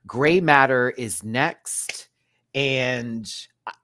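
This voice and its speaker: A man's voice: mid-range voice, extremely slow, sharp tone, dry recording. A man hosting a live show recap, chatting casually with lots of laughs and gossipy asides. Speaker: host.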